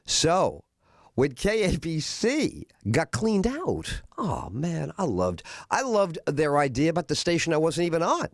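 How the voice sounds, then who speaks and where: A man's voice: a little high, a little slow, no echo, studio quality. A middle-aged man hosting a radio show, telling a long story and acting out the other people in it, with many "uh" fillers. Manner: animated, acts out other voices in his anecdotes; frequent "uh" fillers. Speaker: radio host. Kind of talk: storytelling monologue.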